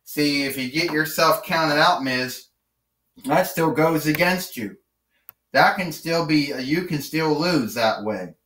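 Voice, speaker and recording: Bossy lady wrestling villain, played by a man, taunting and slow-spoken, distant roomy mic. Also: fairly high pitch, fairly bright tone. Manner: taunting, commanding.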